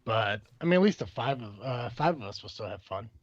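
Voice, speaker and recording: A man's voice: mid-range voice, expressive, brisk, no echo. A man from Illinois hosting a casual podcast, rambling and joking with lots of swearing. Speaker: podcast host. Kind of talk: casual chat. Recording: dull, dry, lo-fi sound.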